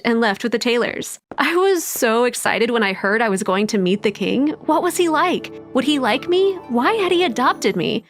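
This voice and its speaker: A woman giving a first-person storybook narration, wide-eyed and expressive. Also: on the high side, moderate pace, few pauses, soft background music.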